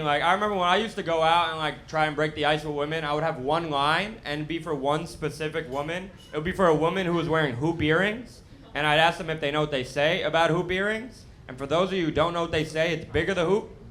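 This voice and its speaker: A man's voice: on the high side, fast, fairly bright tone. Young man with a lisp doing stand-up. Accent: American. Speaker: stand-up comedian. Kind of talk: stand-up set. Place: comedy club stage. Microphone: handheld stage mic. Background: audience laughter.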